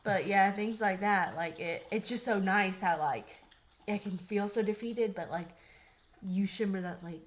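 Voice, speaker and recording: A woman's voice: mid-range voice, a little slow, a little hiss or hum. Earnest young woman, breathless and chatty. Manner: earnest, rambling with many "like" fillers. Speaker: podcast co-host. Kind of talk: casual faith conversation.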